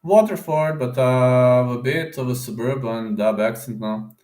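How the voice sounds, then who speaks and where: Here the same kind of livestream host has a mid-range, slightly mellow voice and an unhurried pace. He chats with viewers, predicts fights, reads the chat aloud, and peppers his talk with fillers and "man," with a roomy echo in the recording.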